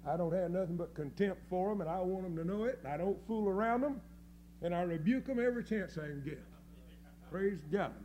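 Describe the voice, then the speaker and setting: A man preaching a fiery sermon, folksy and scornful, dropping to low mutters and rising to loud cries. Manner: folksy, scornful, with mocking quoted voices.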